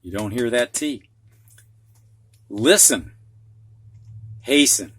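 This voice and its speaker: A man's voice: mid-range voice, lively intonation, takes it slowly, a bit bright, slightly rough, dry recording. A man with a Midwestern accent teaching a phonics lesson, patiently explaining words with examples and asides. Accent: Midwestern American. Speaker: reading teacher.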